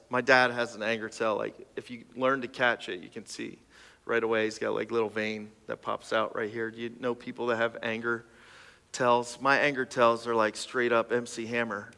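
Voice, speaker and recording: In a mid-range voice with a sharp tone, a pastor delivers a sermon, and a long reverb tail trails his words. He speaks conversationally, stammering into restarts and making self-deprecating asides.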